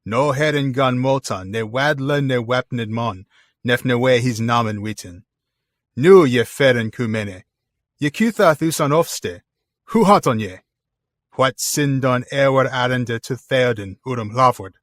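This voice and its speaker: Man voicing a stern ancient gatekeeper, slow, deliberate, carefully enunciated, dry sound. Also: mid-range voice, dry recording, natural voice. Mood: stern challenge. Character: stern male gate guard of an ancient kingdom. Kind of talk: dramatic reading.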